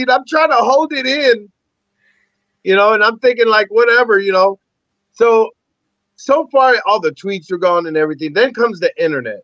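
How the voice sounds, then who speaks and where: A man, an actor and army veteran, telling animated, profanity-laced stories as a podcast guest. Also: sits high, moderate pace, dry recording. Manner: animated, rambling, heavy swearing. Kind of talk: casual storytelling interview. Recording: dull lo-fi dry recording.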